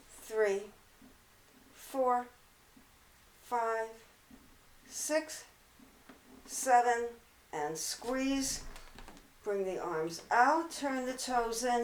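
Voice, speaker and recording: A woman teaching a pilates mat class, counting reps and cueing breath with a slightly hoarse voice and chatty asides. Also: on the high side, reverberant, low-quality recording. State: throat-clearing, hoarse from allergies. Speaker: pilates instructor. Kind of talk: guided workout instruction.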